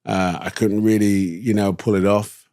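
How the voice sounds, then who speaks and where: This East London guest speaks in a fairly low, dark voice, with a flat delivery and a moderate pace, his London accent coming through as he tells laid-back, slang-filled stories that wander from thought to thought. The studio-quality recording has no echo.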